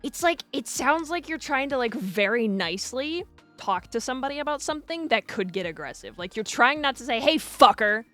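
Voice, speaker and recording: Bright, lively-voiced woman streamer. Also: high voice, fairly quick, faint music behind. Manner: chatty, laughs often, swears casually. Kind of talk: casual chat.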